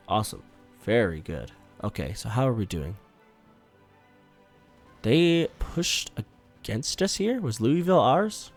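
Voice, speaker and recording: A man giving casual, swear-laced commentary while playing a strategy game, bursting out loudly when things go wrong. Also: fairly low pitch, lively intonation, normal speed, no echo, faint music behind. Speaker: gaming YouTuber.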